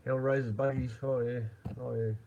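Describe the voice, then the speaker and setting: A man's voice: mid-range voice, little pitch movement, moderate pace, vocal fry. A man chatting casually on a live stream, rambling and chuckling with lots of fillers. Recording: dull lo-fi with faint noise.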